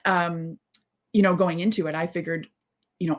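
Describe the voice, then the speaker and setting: A woman's voice: fairly low pitch, steady tone, normal speed. A woman in her thirties giving a candid live-stream monologue as a mindset coach, rambling and heartfelt, with many asides and restarts. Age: 30s. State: close to tears.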